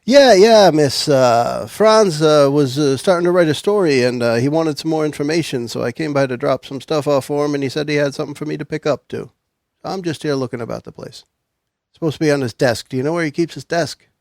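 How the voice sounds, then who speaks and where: A man's voice: on the high side, fairly quick, gravelly, darkish tone, no room sound, clean studio sound. A man playing an easygoing private eye who talks his way past people. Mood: bluffing. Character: smooth-talking adult male private eye.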